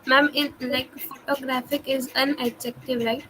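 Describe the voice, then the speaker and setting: Woman student, high voice, polite and deferential, faint background noise. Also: little pitch movement, normal speed, pushed and bright, rough recording. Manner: polite, addresses teacher as ma'am.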